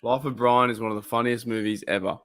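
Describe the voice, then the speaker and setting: An Australian man chatting away on a live stream while he watches football. His voice sits at an everyday middle pitch, and he rambles, reacts to plays out loud and laughs often. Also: steady tone, fast talker. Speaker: livestream host of a football watch party. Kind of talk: casual live-stream chat.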